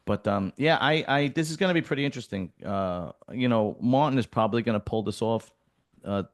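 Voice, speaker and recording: A man's voice: medium pitch, brisk, dry recording, studio quality. A man with a New York accent hosting a casual podcast chat, blunt and swearing freely, often restarting and repeating words. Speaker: podcast host.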